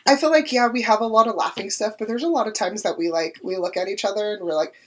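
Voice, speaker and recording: A young woman co-hosting a podcast in casual chat, gushing and laughing often, with a husky voice. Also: mid-range voice, fast, slight background noise. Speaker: podcast co-host.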